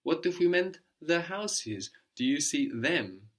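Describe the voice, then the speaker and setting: A man's voice: fairly high pitch, very animated, takes it slowly, a bit bright. A man teaching a language lesson, explaining patiently step by step and checking in with "no?".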